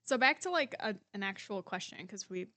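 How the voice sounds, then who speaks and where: A young woman hosting a podcast, interviewing her father with quick prompts and ready laughter. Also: medium pitch, expressive, bright, forceful tone, no room sound. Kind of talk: casual interview chat.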